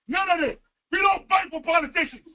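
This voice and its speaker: A man confronts people on the street, shouting and pushing back hard. His voice rides extremely high for a man. The played clip sounds muffled and lo-fi. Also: a little fast.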